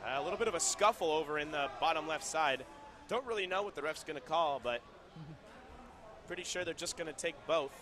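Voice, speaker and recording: Male play-by-play caller, casual and chatty, sudden excited bursts, raised pitch, over loud background music. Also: brisk. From Southern California. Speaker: play-by-play commentator. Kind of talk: live roller hockey commentary. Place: indoor roller hockey rink.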